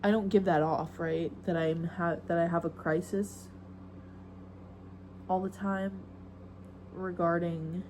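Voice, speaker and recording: A woman's voice: on the low side, fairly even intonation, slow, long pauses, darkish tone, slight background noise, rough recording. Young woman, solo podcast host, casual rambling chat, self-mocking, phone mic.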